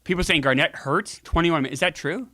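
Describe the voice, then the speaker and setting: A man's voice: a little high, fast, sharp tone, no room sound. A man hosting a casual video game playthrough, joking with viewers and cursing freely as he comments on the game. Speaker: gaming show host.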